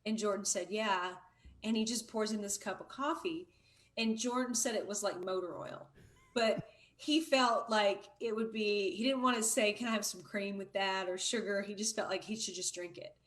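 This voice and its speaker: A woman's voice: medium pitch, normal speed. Middle aged woman guest on a stream, chatty, tells stories, easy going. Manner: chatty storyteller. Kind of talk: casual conversation.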